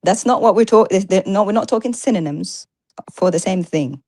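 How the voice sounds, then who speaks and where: Her medium-pitched, slightly mellow voice comes through a dry recording. She co-hosts a live-streamed talk show, pressing her case hard in casual conversation with rapid-fire rhetorical questions.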